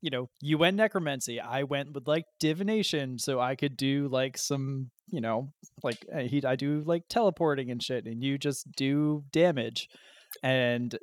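A young man chatting casually about his tabletop game character and telling animated, casually profane stories. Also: medium pitch, normal speed, dry recording. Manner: animated storyteller, swears casually. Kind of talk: casual podcast chat.

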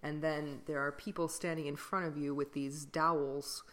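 A low-voiced classical singer co-hosts a podcast, keeping a level tone, a moderate pace, and a fairly bright sound. In the casual chat she rambles with fillers and laughs often.

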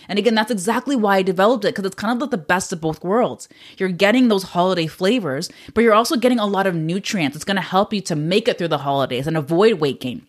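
A woman hosting a wellness podcast, talking in a casual, candid way with many fillers and frequent laughs, a little choked up at times. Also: mid-range voice. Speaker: podcast host. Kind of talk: casual solo podcast talk.

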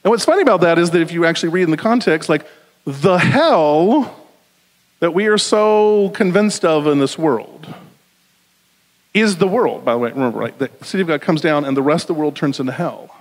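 Male preacher, high voice, conversational and animated delivery, church hall reverb. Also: normal speed. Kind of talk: sermon.

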